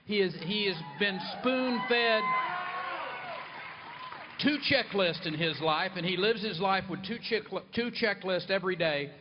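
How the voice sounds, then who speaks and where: A man's voice: sits high, measured pace. A man, a former governor speaking in a folksy, emphatic stump-speech style during a live interview at a rally. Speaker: former governor, campaign surrogate. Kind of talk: live political interview on stage. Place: outdoor rally stage. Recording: muffled live mic with loud crowd noise.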